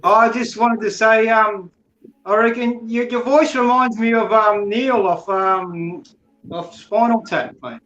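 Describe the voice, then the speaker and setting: Man putting on a slow, high matey Aussie character. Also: steady tone, fairly bright tone, dull audio. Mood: chummy. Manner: drawling, slangy, friendly. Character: laid-back matey Aussie-talking male character.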